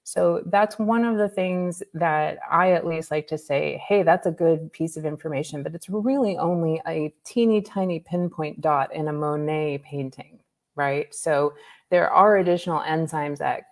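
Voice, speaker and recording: A woman naturopathic doctor, a guest on an interview, explaining health topics in a lively way with examples and asides. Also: deep voice, measured pace. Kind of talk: conversational expert explanation.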